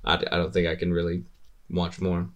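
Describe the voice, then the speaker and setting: Laid-back low-voiced man, rambling and laughing. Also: monotone, a little fast, lo-fi sound, a little hiss or hum. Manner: rambling, swears often, laughs a lot. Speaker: podcast host. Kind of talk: casual podcast chat.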